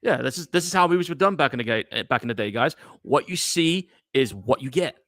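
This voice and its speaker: A man's voice: mid-range voice, expressive, fast talker, fairly bright tone, no room sound, studio quality. A man co-hosting a casual horror movie watch-along podcast, laid-back and chatty, telling anecdotes. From United Kingdom. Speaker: podcast co-host.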